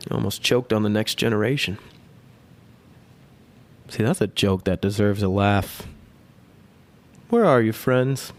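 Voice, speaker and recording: Male podcast host in his thirties, slightly low voice, crude and self-mocking, casual solo rambling. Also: a little mellow.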